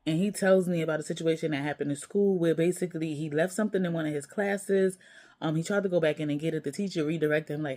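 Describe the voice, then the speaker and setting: A woman with a low, mellow voice tells a personal story straight to camera. She talks as a mother, blunt and emotional, and swears casually. The delivery is candid and unpolished. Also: quick pace. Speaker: mother and vlogger.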